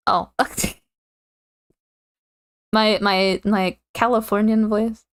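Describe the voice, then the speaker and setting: Woman streamer, casual live chat, mid-pitched, giggly, rambling. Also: lively intonation, a little slow, a bit bright. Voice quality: giggly, rambling, lots of fillers and self-corrections.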